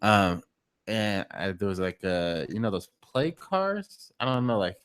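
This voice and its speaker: Hesitant lower-voiced man rambling. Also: sing-song, a little slow, fairly bright tone, smooth. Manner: hesitant, many fillers and restarts. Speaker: podcast co-host. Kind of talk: casual chat, storytelling.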